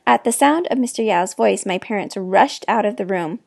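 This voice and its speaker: A woman reading a children's novel aloud with expressive, clear narration. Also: mid-range voice, moderate pace, no echo, studio quality. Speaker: reader. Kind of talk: storybook read-aloud.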